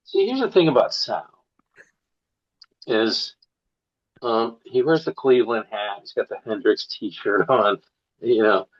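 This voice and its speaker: A man's voice: fairly low pitch, lively intonation, a little slow, pauses often, highs cut off. A man from St. Louis, a comedian guest on a podcast, telling profane stories with punchy asides. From St. Louis, USA. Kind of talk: casual podcast chat.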